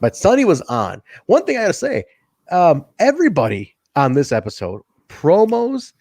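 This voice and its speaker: A man co-hosting a casual wrestling review podcast, an animated storyteller who laughs often, swears, and acts out quotes in a higher voice. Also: moderate pace, no room sound, studio quality. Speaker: podcast co-host.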